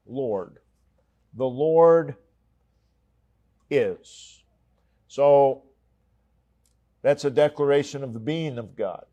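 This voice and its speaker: Male church preacher, measured unhurried delivery, emphatic repetition. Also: mid-range voice, dark tone. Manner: slow, emphatic, repeating key phrases. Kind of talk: sermon.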